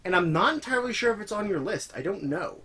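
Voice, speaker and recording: A man's voice: high voice, lively intonation, fast, pushed and bright, husky, poor audio. A man co-hosting a podcast, trading dry, teasing banter in casual chat. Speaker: podcast co-host.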